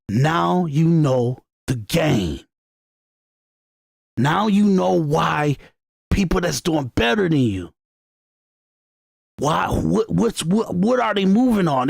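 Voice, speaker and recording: Gravelly-voiced man preaching on a podcast. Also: sits high, no echo, clean studio sound. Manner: repetitive, restarts phrases, emphatic and preachy. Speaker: podcast host. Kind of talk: unscripted political commentary monologue.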